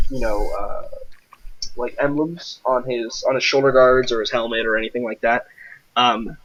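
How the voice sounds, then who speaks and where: A man narrating a tabletop game as game master, halting, with many fillers. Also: medium pitch, fairly bright tone, highs cut off, slight background noise.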